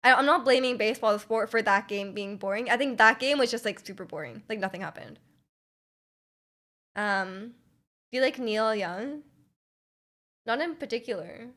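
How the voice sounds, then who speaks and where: A woman's voice: a little high, moderate pace, pauses often, fairly bright tone. A young woman from Canada, a streamer chatting casually with her live chat, rambling with lots of restarts and fillers and laughing often.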